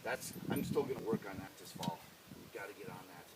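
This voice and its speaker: A man's voice: sits low, fairly quick, recorded from a distance, heavy background noise. A man co-hosting a casual sports podcast, bantering with dry teasing humor. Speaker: podcast co-host.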